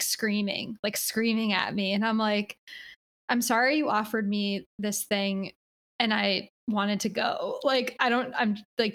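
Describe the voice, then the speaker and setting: A young woman in casual chat, speaking in a relaxed way with many "like" fillers. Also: medium pitch.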